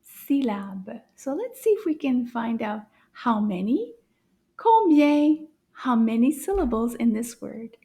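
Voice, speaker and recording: A woman's voice: a little high, animated, dark tone. Sing-song woman teaching kids French. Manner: cheerful, sing-song, slow and exaggerated for children. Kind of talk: kids' language lesson.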